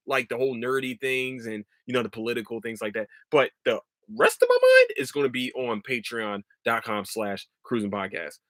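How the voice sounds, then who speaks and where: Bright, dry-voiced podcast host. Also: male voice, medium pitch, no echo. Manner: animated, swears freely, rants then laughs it off. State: voice starting to give out. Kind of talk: casual solo podcast monologue.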